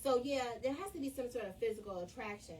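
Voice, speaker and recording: A woman's voice: on the high side, lively intonation, fast, a little mellow. A middle-aged woman in casual chat, laughing and getting emotional while telling a story about her husband. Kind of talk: casual chat on a live stream. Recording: distant mic with faint background noise.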